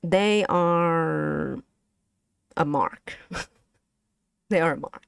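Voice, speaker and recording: A low-voiced woman, to the language, running a live-stream pronunciation lesson. She speaks slowly and haltingly, repeating words and giggling, and the sound is close and dry. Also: gravelly, clean tone, dry recording. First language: Vietnamese. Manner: hesitant, restarts words, giggles often.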